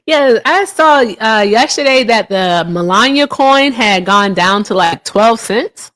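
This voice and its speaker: A woman hosting a political call-in livestream, chatting casually and reading viewers' comments aloud, with teasing jumps up into a high voice. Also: animated, slow pace, hardly any pauses, fairly bright tone. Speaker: livestream host.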